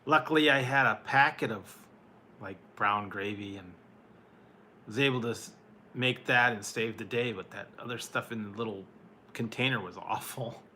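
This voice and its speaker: A man's voice: on the low side, moderate pace, pushed and bright, a little hiss or hum. A man reviewing food, chatting with his live-stream viewers in a loose, rambling way, with lots of fillers and small laughs. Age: adult, once married. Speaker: food reviewer answering chat. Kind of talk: casual live-stream chat.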